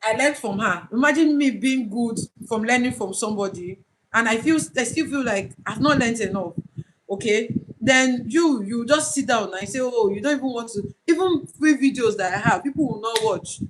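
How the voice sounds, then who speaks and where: A woman's voice: a little high, animated, normal speed, rough recording. A woman with a Nigerian accent speaks on a live stream, coaching would-be online tutors. She talks earnestly, pressing her points and repeating them for emphasis. There is a faint hiss behind her voice. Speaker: online tutor trainer, livestream host. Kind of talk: casual livestream talk.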